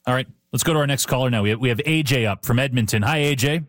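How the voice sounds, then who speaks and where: A man hosting a call-in radio show, quick and interjecting as he steers callers. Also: medium pitch. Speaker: radio host.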